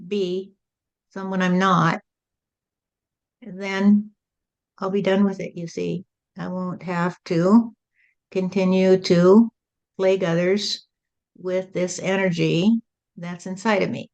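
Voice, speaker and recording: Woman channeling a spirit, calm and repetitive, says "you see" a lot, kinda dull recording. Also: medium pitch.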